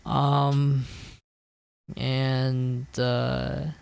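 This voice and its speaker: A man's voice: mid-range voice, monotone, extremely slow, vocal fry, darkish tone, clean tone, no room sound. A young man hosting a casual podcast, chatty and loose, swearing and trailing off with ums. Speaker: podcast host.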